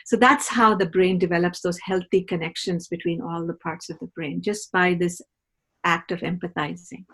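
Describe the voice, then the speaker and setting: Her voice is lowish, husky and a bit bright, with fairly even intonation and a moderate pace. She's a middle-aged parenting educator explaining patiently on a podcast, regularly checking in by ending points with a questioning "right?".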